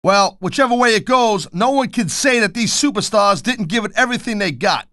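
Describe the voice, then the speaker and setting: A man's voice: sits high, lively intonation, fairly quick, sharp tone, dry recording, clean studio sound. A middle-aged man doing color commentary for a wrestling video game, blunt and wisecracking with tough-guy slang.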